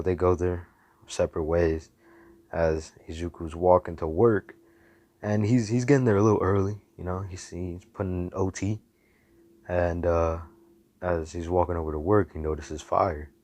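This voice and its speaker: A man's voice: low-pitched, measured pace, long pauses, darkish tone, no echo. A man telling a story in a casual, rambling way, full of slang and cursing.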